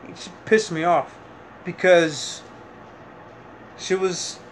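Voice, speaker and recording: A man's voice: high-pitched, a bit bright, slight background noise. Rambling, frustrated young man vlogging. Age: young adult. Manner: rambling, frustrated, with many fillers and restarts. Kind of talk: casual vlog monologue.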